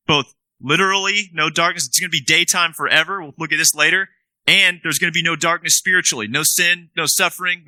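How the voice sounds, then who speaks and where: A man preaching a sermon, emphatic, slowing right down to stress key words. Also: on the high side, sharp tone, no room sound, poor audio.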